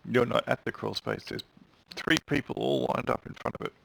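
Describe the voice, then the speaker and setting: A man's voice: mid-range voice, wildly swooping pitch, fairly quick, creaky, fairly bright tone, slight background noise, rough recording. A man running an online tabletop game as game master, giving dry, matter-of-fact rulings over a voice call.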